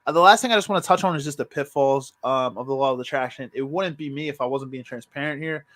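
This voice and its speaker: A man's voice: mid-range voice, fast talker, fairly bright tone. A man hosting a podcast, talking earnestly and laying out motivational points one after another. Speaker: podcast host. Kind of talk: casual podcast talk with wrap-up points.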